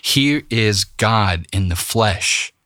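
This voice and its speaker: A man teaching scripture on a podcast, with a bright, forceful voice that rises and falls a lot as he speaks. He reads a passage aloud, then explains it casually and often stops to ask "okay?" The recording is dry and close, with no room sound. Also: on the low side, animated, extremely slow, no echo. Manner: conversational, often checks in with "okay?". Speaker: Bible teacher.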